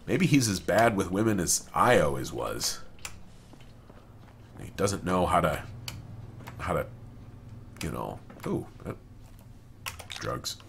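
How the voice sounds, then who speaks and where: A man with a lowish voice rambles through let's-play commentary, joking and cursing as he plays. Faint noise sits under his voice. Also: animated, slow pace, gravelly, pauses often, a bit bright. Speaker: gamer.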